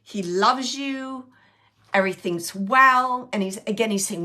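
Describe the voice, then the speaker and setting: A woman's voice: mid-range voice, unhurried, bright, forceful tone. A woman hosting a show and giving live mediumship readings. She speaks earnestly and straight to the sitter, often repeating her phrases. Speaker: psychic medium and show host.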